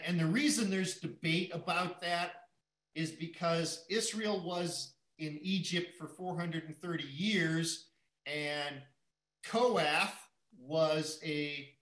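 Slow, bright-voiced male Bible teacher. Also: fairly high pitch, roomy sound, rough recording. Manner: thinking aloud, repeating words as he goes.

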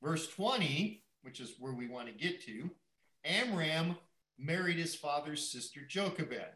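Male Bible teacher, slightly higher voice, unhurried, reflective, restarts often; echoey room. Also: expressive, bright, forceful tone. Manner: thinking aloud, repeating words as he goes.

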